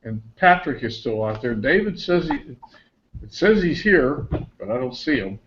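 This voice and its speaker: A man's voice: medium pitch, sing-song, moderate pace, a bit bright, dull audio, slight background noise. A man hosting an online discussion group on a video call, chatty and thinking aloud as he sorts out the tech.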